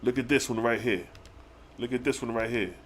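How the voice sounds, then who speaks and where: A man hosting a live religious stream, reading verses slowly and then breaking into excited slang commentary with rhetorical questions. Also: mid-range voice, slight background noise. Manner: challenges the listeners with rhetorical questions. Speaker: religious livestream host. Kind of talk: live scripture teaching.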